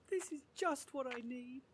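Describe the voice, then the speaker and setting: A woman's voice: high voice, slight background noise. A woman voicing a soppy, childlike, lovesick young man who gushes in baby talk, in a comedy sketch.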